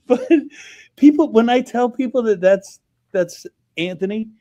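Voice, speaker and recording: A man's voice: extremely high pitch, animated, slow, warm tone, lo-fi sound. A middle-aged man, a chef hosting the show, chatting casually, cursing freely and laughing as he acts out quotes. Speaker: chef and host. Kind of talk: casual chat.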